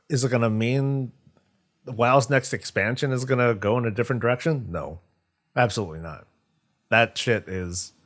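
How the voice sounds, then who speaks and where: A man hosting a live stream, talking casually in a rambling way, often restarting his sentences. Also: medium pitch. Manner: rambling, frequent restarts and stumbles. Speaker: streamer host.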